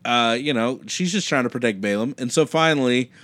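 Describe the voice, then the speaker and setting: A man co-hosting a podcast and preaching, telling a Bible story in a casual, animated way and acting out the quotes. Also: medium pitch, a little fast, no echo.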